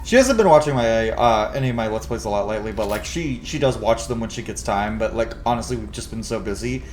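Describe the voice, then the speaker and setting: A man's voice: fairly low pitch, lively intonation, quick pace, darkish tone, a little hiss or hum. Candid, swearing let's play man. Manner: candid and emotional, swears freely. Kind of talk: casual gameplay commentary.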